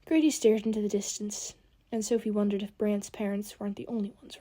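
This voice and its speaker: A woman's voice: medium pitch, fairly even intonation, fairly quick, warm tone. A woman narrating an audiobook, reading expressively and giving the characters their own voices.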